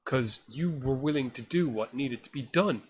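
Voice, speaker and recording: A man's voice: medium pitch, normal speed, slight background noise. A man co-hosting a horror film podcast, reviewing a new film in casual, enthusiastic, rambling chat. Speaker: podcast co-host.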